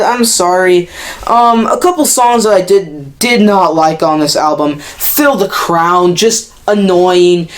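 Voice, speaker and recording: A woman with a lowish voice reviews a music album in an animated, exasperated rant, speaking close to the camera.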